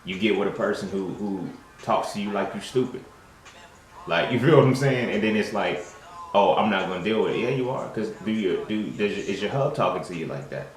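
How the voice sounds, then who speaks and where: A man's voice: on the low side, animated, brisk, soft background music. A young man hosting his own show, talking in a casual monologue full of slang, swearing and fillers. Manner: profane, streetwise slang, frequent fillers. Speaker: host. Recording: roomy echo.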